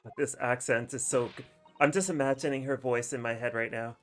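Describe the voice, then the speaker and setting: Man, let's play commentary, casual and reactive, mid-pitched, faint game music underneath. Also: steady tone, fairly quick, a bit bright. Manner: chatty, reactive, swears freely.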